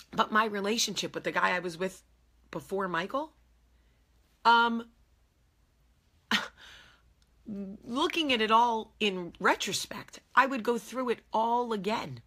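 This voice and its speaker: A woman in her forties speaks straight to her viewers with earnest conviction and often repeats her key phrases for emphasis. Her voice is husky and slightly rough, yet it carries a bright, forceful edge. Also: medium pitch. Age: 40s. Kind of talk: heartfelt casual talk to camera.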